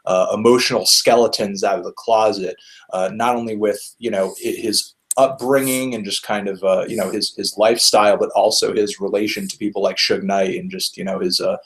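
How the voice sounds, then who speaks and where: A man's voice: on the low side, steady tone, a little fast. A man hosting a casual album review discussion, thinking aloud with frequent fillers and restarts. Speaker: music reviewer, host.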